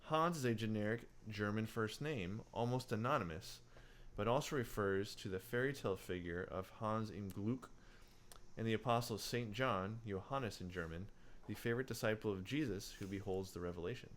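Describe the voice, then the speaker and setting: Man, low voice, podcast co-host, casual chat, rambling, lots of ums and restarts. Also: moderate pace, slight background noise. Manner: rambling, many fillers and restarts. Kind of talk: casual book-club chat.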